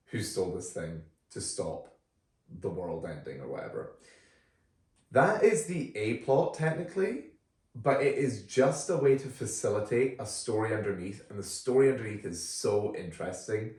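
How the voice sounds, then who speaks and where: A man co-hosting a podcast, reviewing films in a relaxed, chatty way with frequent fillers. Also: on the low side, normal speed. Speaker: podcast co-host. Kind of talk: casual film review chat. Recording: roomy, distant from the mic.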